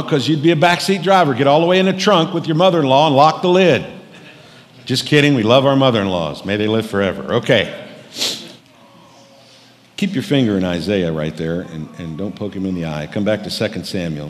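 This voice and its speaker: A middle-aged man preaching a sermon as pastor, telling stories in a folksy, joking way. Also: fairly high pitch. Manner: folksy storytelling with jokes. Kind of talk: humorous sermon. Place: church sanctuary. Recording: long reverb of a church hall.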